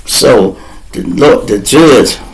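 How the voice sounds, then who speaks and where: A man, the host of a podcast, tells a story in an animated, profane, slangy way. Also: medium pitch, slow, low-quality recording.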